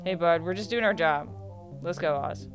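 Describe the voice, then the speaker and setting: Woman streamer with a slightly low voice reading a dating sim aloud, casual and prone to stumbling, faint game music underneath. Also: normal speed. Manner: reads in a casual tone, stumbles and corrects herself.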